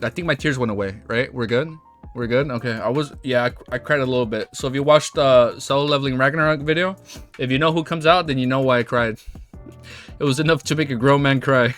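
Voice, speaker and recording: A young man with a raspy voice, casually reading a webtoon aloud and reacting, laughing often. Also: mid-range voice, a little fast, fairly bright tone, soft background music.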